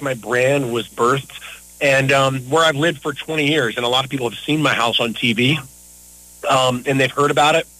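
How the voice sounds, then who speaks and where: A man's voice: mid-range voice, bright, forceful tone, no echo, low-quality recording. A middle-aged man talking casually as an interview guest, earnest and a bit rambling. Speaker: interview guest, local business owner.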